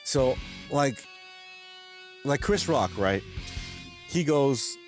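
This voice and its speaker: A man's voice: mid-range voice, lively intonation, extremely slow, soft background music. A man live streaming late at night, chatting to his viewers in a rambling way, often chuckling as he retells jokes. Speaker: live streamer reading chat.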